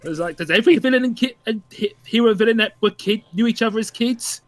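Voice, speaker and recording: A man in casual podcast chat, musing aloud with halting restarts. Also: high voice, fairly bright tone, dry recording. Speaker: podcast guest.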